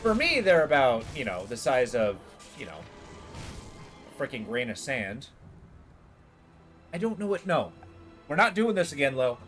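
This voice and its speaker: A man's voice: medium pitch, very animated, measured pace, pauses often, fairly bright tone, soft background music. A man livestreaming a game, chatting casually with his viewers in a rambling way full of fillers. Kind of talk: casual chat while gaming.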